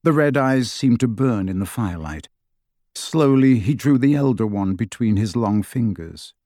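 Male audiobook narrator, measured dramatic read, mid pitch, dry close sound. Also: lively intonation, dark tone, dry recording. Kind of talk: scripted narration.

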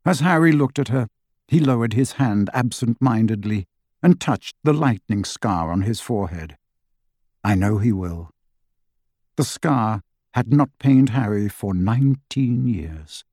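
Measured male audiobook narrator. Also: medium pitch, no echo, clean studio sound. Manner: measured, expressive storytelling. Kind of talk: scripted narration. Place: recording studio. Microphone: close studio mic.

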